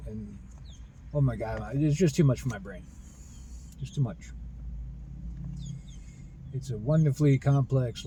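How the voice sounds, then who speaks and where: A man talking in a rambling personal monologue about spiritual ideas, earnest and halting, with many restarts. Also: mid-range voice, warm tone, a little hiss or hum, poor audio. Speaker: spiritual video host.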